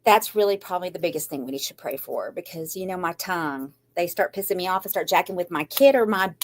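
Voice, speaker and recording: A woman's voice: lowish voice, quick pace. An older woman, talking to her viewers in a rambling, anxious way that turns defiantly upbeat, with a shaky voice close to tears. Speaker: craft channel host. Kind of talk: emotional live chat to viewers.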